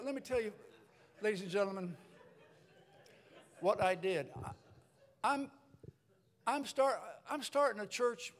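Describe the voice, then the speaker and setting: Older man preaching, animated storyteller. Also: high-pitched. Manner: animated storyteller, acts out voices, rambling restarts. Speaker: pastor. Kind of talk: sermon testimony storytelling. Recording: long hall reverb.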